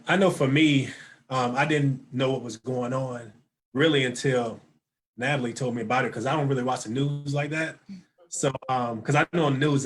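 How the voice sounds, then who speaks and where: A man from Florida, speaking as a guest in a relaxed, conversational way. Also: mid-range voice. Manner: relaxed, conversational, repetitive phrasing.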